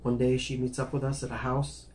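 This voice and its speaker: Here a man recounts his own life on camera in a mid-range, somewhat dark voice, talking a little quickly with not much melodic movement. His manner is loose and wandering: he repeats himself, starts lines over, and says sorry for getting sidetracked. There's slight background hiss or hum.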